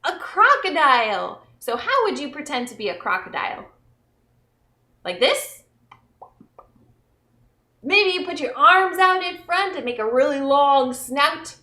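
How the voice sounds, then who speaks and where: Librarian for pre-k story time: woman, high voice, slow, encouraging delivery for little kids. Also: very animated, pushed and bright. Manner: slow, encouraging, talks directly to small children; playful, acts out animals.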